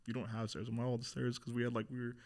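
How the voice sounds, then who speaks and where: A man's voice: medium pitch, monotone, very fast, creaky, a little mellow. A young man speaking as a podcast guest, telling a hard personal story in a casual, candid way with lots of fillers and swearing.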